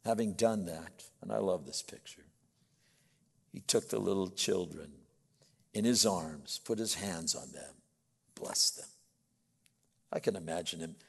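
Booming, gravelly older preacher. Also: male voice, a little slow, pauses often. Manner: booming, swings from loud emphasis to soft asides. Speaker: pastor. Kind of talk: sermon. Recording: long hall reverb.

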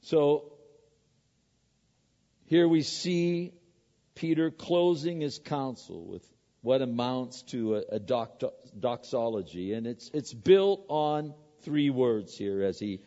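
A man's voice: mid-range voice, slow pace, dark tone. A man preaching a sermon, emphatic and repetitive, asking rhetorical questions and answering them. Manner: emphatic, repeats words, asks rhetorical questions. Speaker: pastor. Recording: echoey hall, dull lo-fi sound.

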